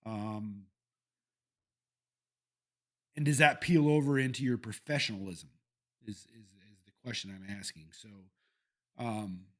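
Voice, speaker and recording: A man's voice: fairly low pitch, moderate pace. A man hosting a solo podcast, talking casually and candidly with plenty of swearing and restarts. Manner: candid, profane, rambling with restarts. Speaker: podcast host. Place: Iowa.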